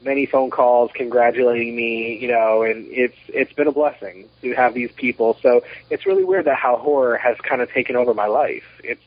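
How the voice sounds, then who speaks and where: A man in his thirties, a documentary producer, chatting as a podcast guest and telling animated, rambling stories with many restarts. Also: mid-range voice, a little fast, hardly any pauses, dry recording. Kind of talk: casual interview chat. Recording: muffled lo-fi podcast audio.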